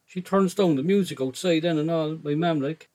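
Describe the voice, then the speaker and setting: A man's voice: a little high, moderate pace, a little mellow. Rambling Irish man telling a story. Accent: Cork Irish. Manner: rambling colloquial telling, frequent "like" and "I goes". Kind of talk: first-person storytelling narration.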